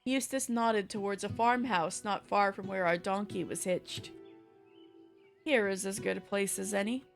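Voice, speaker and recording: A woman's voice: medium pitch, fairly even intonation, a little slow, creaky, faint music behind. A woman streamer reading a story aloud, breaking off now and then for casual joking asides.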